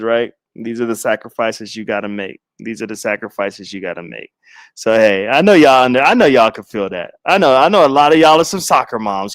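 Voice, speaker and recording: A middle-aged male content creator chats casually on a livestream, dramatically telling a story full of slangy asides and frequent laughs. His voice is medium-pitched, and the sound is clean studio quality with no room noise.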